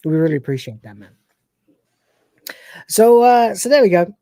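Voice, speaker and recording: Mellow-voiced rambling review podcast host. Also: mid-range voice, big pitch swings, moderate pace, dry recording, clean studio sound. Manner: rambling, many fillers. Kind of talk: casual episode review chat.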